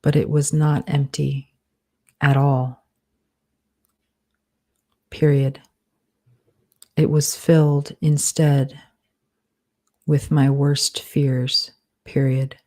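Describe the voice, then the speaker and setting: A woman author dictating a fantasy novel aloud, calling out each comma and period in a measured, deliberate way. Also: extremely low pitch, flat delivery, a little mellow. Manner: speaks punctuation marks aloud, measured and deliberate.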